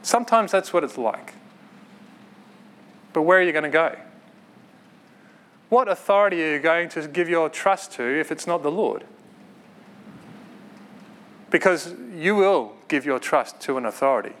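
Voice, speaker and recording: Guy preaching a sermon, chatty and earnest, bit of a higher voice, faint background hiss. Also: animated, fairly bright tone. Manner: conversational, earnest, quick asides with laughs.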